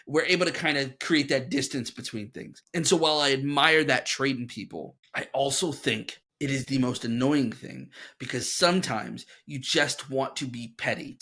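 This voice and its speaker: A man talking casually on a podcast as a co-host. He rambles, swears freely, and gets animated. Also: mid-range voice.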